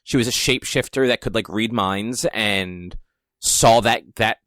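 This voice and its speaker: A man's voice: fairly low pitch, unhurried, a bit bright, no room sound. Rambling podcast guy, dry sound. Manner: rambling, searching for words, many ums. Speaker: podcast co-host. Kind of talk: casual chat.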